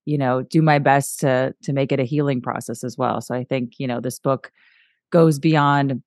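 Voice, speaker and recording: A middle-aged woman hosting an interview, chatty and warm, who acts out family moments with lively impressions. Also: rumbling low, moderate pace, dry recording, clean studio sound. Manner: warm, chatty, animated impressions of her husband. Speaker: podcast host. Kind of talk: casual conversational interview.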